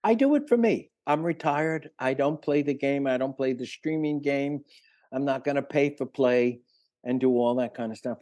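An older man talks as an interview guest in a mellow, low-toned voice. He rambles through stories with lots of fillers and restarts, and the sound is close and dry. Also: normal speed, no room sound. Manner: rambling, filler-heavy anecdotes. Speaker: retired musician guest. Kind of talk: casual interview storytelling.

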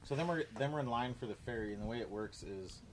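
A man co-hosting a podcast, telling stories in a quick, teasing way during a live recording on an outdoor patio. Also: mid-range voice, over a noisy crowd. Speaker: podcast co-host. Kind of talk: casual chat.

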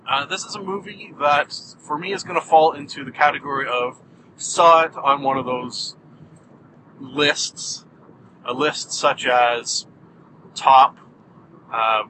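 A man's voice: a little high, pushed and bright, a little hiss or hum, poor audio. A man hosting a solo podcast in a jokey, self-mocking way with bursts of mock outrage. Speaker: podcast host.

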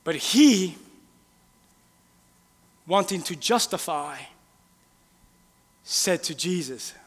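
A male pastor preaching a sermon in a casual, animated way, firing rhetorical questions at the congregation. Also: sits high, extremely slow. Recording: long reverb in a large hall.

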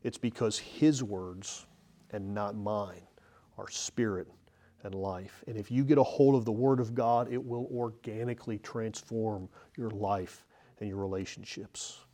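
Pastor with a mellow voice, preaching earnestly. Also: male voice, on the low side, steady tone, a little slow. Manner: earnest, emphatic preaching with swings between loud and soft. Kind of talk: expository sermon. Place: church, speaking from the pulpit.

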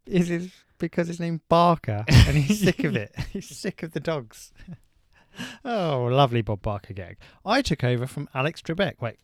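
A man's voice: on the high side, lively intonation, normal speed, dry recording, clean studio sound. A man co-hosting a podcast, running a quiz in playful casual banter and laughing often. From England.

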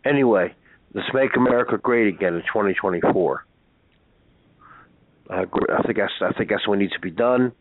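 A man's voice: lowish voice, fairly quick, long pauses, dry recording. A man on a chat line, arguing and ranting with many stumbling restarts. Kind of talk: heated phone argument. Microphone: phone. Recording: dry tinny phone line.

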